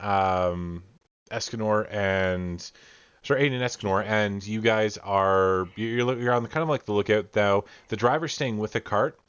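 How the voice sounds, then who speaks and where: A man's voice: on the low side, a bit bright, clear, resonant tone, no echo, muffled recording. A man narrating as game master in casual talk, with fillers and restarts, over a video call.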